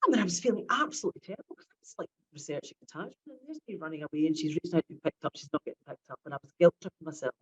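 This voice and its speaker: A woman's voice: sits low, expressive, racing, poor audio. A woman, giving a chatty academic lecture on child psychiatry and often repeating her words.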